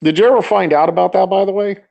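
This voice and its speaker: Mellow-toned man, wry podcast co-host. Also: high-pitched, fast, creaky, muffled recording. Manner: wry, deadpan jokes. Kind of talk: casual chat.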